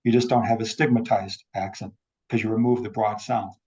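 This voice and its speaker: A man's voice: on the low side, steady tone, a little fast, a little mellow, breathy edge. A man giving an explanatory academic talk over a video call, repeating words to demonstrate sounds. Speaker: invited speaker on accents. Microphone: video call microphone. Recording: dull lo-fi video call audio.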